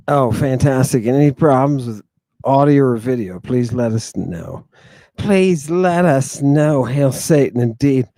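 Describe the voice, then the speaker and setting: A man hosts a livestream, chatting straight to his viewers with a theatrical flair and saying many lines twice. His voice is dark and mellow, and it sounds close and dry, with almost no room around it. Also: mid-range voice, no room sound. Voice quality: repetitive, theatrical, addresses congregation. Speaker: livestream host. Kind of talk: casual livestream talk to viewers. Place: outdoors in the wind.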